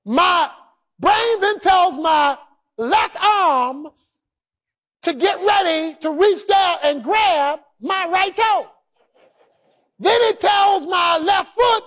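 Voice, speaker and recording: A male pastor preaching a sermon, driving his points with shouted emphasis and getting the congregation to repeat lines back to each other. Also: very high-pitched, drawn-out words, long pauses.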